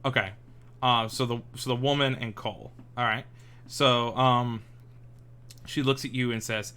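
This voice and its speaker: A man running a tabletop game as game master, narrating with many pauses and restarts. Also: mid-range voice, steady tone, bright, forceful tone, clean tone. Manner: hesitant, full of ums and restarts.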